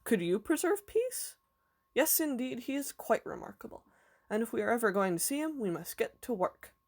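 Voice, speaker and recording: A woman reading aloud voices a kindly, eccentric old male professor who explains things gently and patiently. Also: on the high side, very animated, normal speed. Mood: warm, explaining.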